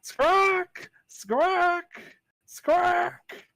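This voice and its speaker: A man voicing a screeching cyber deathhawk bird in a tabletop game, giving it shrill, repeated squawks. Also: slow, gravelly, sharp tone, no room sound, exaggerated voice.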